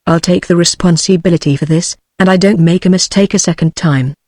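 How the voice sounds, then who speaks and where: A text-to-speech woman's voice with a British English accent, reading the lines of a brisk, teasing male island doctor in an even tone. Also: lowish voice, no echo, natural voice. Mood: bluff. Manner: even synthetic reading, no character voice.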